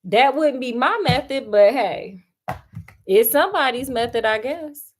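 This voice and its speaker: A woman with a slightly high voice tells a story in a casual, sassy chat. She calls her listeners girl, honey and child, and her telling breaks into laughter often. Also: lively intonation, a little slow, a little hiss or hum.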